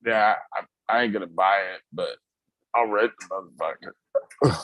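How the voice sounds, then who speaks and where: A man co-hosting a casual pop culture chat, talking loosely with lots of swearing and excited retelling. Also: lowish voice, normal speed, no room sound. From United States. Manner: loose, profane, excitable storytelling. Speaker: podcast co-host.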